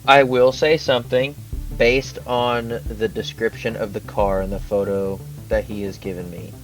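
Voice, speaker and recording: A man's voice: fairly low pitch, steady tone, moderate pace, soft background music, low-quality recording. A man playing a tabletop game, making dry, joking asides. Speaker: player. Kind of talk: casual tabletop play.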